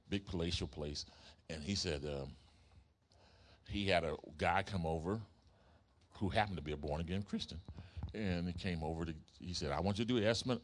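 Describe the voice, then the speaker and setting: A man preaching a sermon, telling a story in an animated way and asking his congregation questions. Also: deep voice. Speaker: pastor.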